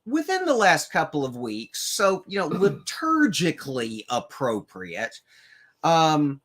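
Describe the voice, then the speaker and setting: Slow, lively wry storyteller. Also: medium pitch. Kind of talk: casual chat.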